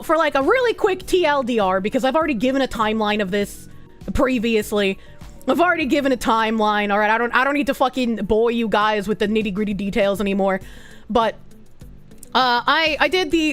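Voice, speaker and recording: A woman's voice: a little high, fairly bright tone. A woman streamer chatting casually with her viewers, swearing often and rambling off on tangents. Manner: swears a lot, rambling and self-interrupting. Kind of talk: casual live-stream chat.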